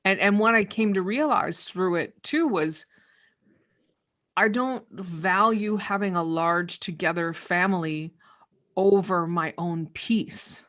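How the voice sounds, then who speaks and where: Lowish-voiced woman hosting a video call chat, thoughtful, repeats words a lot. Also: takes it slowly, a bit bright. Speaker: host of a video-call conversation. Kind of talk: casual reflective conversation.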